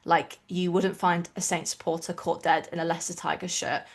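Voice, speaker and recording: An English woman from the East Midlands with a mostly neutral, slightly mixed accent, co-hosting a rugby podcast in an opinionated, animated chat. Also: on the low side. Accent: neutral English with a mixed regional touch. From England, East Midlands. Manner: opinionated, animated, quick asides. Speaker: podcast co-host. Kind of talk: casual chat.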